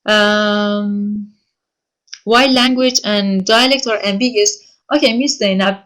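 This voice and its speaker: Woman lecturer from Iraq, mid-pitched, halting online teaching delivery full of self-corrections. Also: fairly even intonation, fairly bright tone. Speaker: university lecturer. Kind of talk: online lecture answering written questions.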